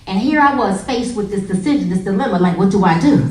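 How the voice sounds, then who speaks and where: A woman giving a humorous, animated motivational talk to a live audience, telling stories with acted quotes. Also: medium pitch, fast talker. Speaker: motivational speaker. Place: meeting room with an audience. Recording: echoey room, voice from a distance, faint crowd.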